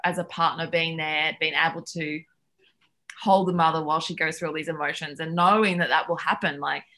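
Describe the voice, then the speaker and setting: A woman's voice: deep voice, fairly quick. A woman, a nutritionist chatting as a podcast guest and telling stories with lots of fillers. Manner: chatty, lively storytelling with many fillers. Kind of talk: casual chat.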